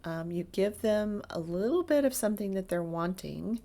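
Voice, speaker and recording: A woman's voice: medium pitch, expressive, moderate pace, mellow. A woman therapist giving earnest, emphatic advice straight to camera, stacking up lists to make her points. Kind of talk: direct-to-camera advice talk.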